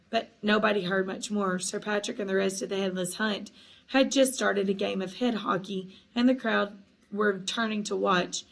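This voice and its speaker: A woman reading a fantasy story aloud in a steady, measured narrating voice. She keeps the telling clear and even between the characters' lines. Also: medium pitch, low-quality recording. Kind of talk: audiobook narration.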